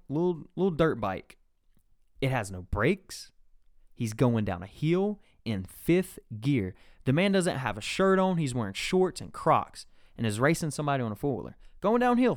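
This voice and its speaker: A man's voice: medium pitch, big pitch swings, normal speed, no room sound, studio quality. A young man hosting a podcast, telling a rambling, profane story in casual chat. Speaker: podcast host.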